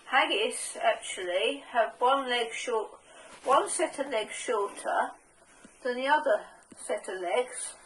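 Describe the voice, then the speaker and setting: A woman's voice: fairly high pitch, a little hiss or hum, rough recording. A woman presenting a casual step-by-step craft tutorial, chatty and homely with a self-deprecating touch.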